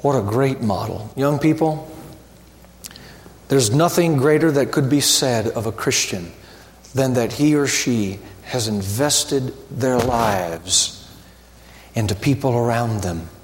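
A man preaching a sermon as pastor, slow and emphatic, building to ringing repeated refrains. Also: mid-range voice, echoey room, in a large hall.

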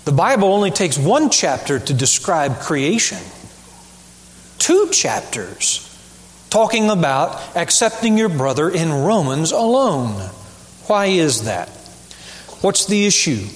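Emphatic preacher in a reverberant hall. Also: male voice, fairly high pitch. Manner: emphatic preaching with rhetorical questions and deliberate repetition. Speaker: pastor. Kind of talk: sermon. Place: church sanctuary.

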